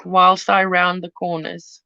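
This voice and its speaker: A woman's voice: lowish voice, completely flat delivery, slow pace, vocal fry, clean tone, no room sound. Giggly woman crafting on a live stream. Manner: rambling and giggly, chats while cutting paper. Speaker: craft channel host. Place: home craft studio. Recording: dull lo-fi, dry sound.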